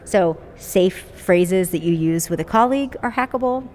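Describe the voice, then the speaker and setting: A woman, a security expert guest on a podcast, explaining with fast, confident emphasis. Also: lowish voice, expressive, darkish tone. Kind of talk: podcast interview.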